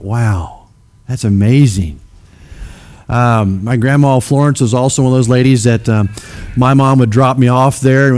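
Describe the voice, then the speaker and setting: A man's voice: mid-range voice, darkish tone. A middle-aged man from Missouri giving a folksy storytelling talk to a church audience, rambling and self-deprecating with many fillers.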